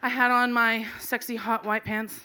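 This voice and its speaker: Woman storyteller, middle-aged, live comedy set; bright tone, slightly high voice, animated and laughing. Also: moderate pace, clear, resonant tone. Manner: animated, laughing as she tells it. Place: live stage before an audience.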